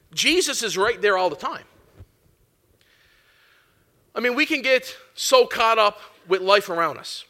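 A man's voice: sits high, bright, forceful tone. A man preaching a sermon in a folksy, conversational way, calling out to the congregation. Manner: folksy, preachy, calls out "Amen?" and "Come on".

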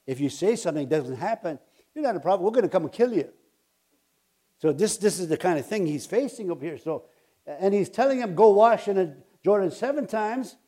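A man delivers a sermon, reading scripture and then explaining it in a casual, animated way. His voice sits fairly high but sounds soft and mellow. He punctuates points with loud bursts and quick checks with his listeners. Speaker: preacher.

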